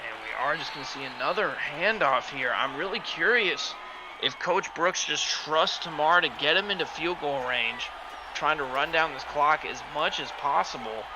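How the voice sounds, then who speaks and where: A man doing play-by-play commentary for a simulated football game, excitable and bursting into shouts on big plays, his home microphone distorting when he yells. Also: fairly high pitch, moderate pace. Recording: loud game crowd and noise underneath. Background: stadium crowd sound from the game.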